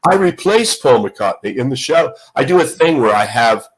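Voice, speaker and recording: An older man spins stories as a podcast guest, his voice swooping through a wide, animated range. He acts out every quote and tumbles through restarts when he gets excited. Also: medium pitch, moderate pace, poor audio. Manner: storyteller who acts out dialogue, lively restarts. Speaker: guest, broadcaster. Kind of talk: animated anecdote telling.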